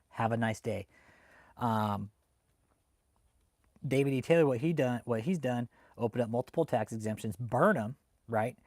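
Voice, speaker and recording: A man hosting a profane live-stream rant, his voice sitting in a middling register. He talks heatedly and swears constantly, with sudden loud outbursts. The sound is close and dry, with no room around it. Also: mid-range voice, no echo. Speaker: livestream host reading chat. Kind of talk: profane ranting live commentary.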